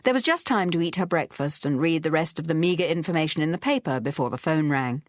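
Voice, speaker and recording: Lower-voiced woman narrating an audiobook. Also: animated, a little fast, no echo, studio quality. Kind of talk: scripted narration.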